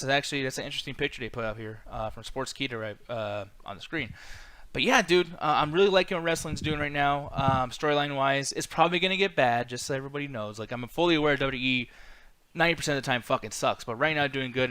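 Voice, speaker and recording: A man's voice: medium pitch, pushed and bright, smooth, no echo. A man in his thirties hosting a live-stream chat, talking loosely and profanely with lots of fillers. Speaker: podcast host.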